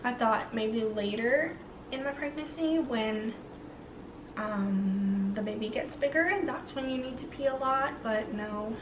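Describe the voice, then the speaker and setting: A woman's voice: on the high side, measured pace, noisy background. A young woman vlogger chatting casually to camera, rambling with lots of fillers. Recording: roomy, slightly distant mic.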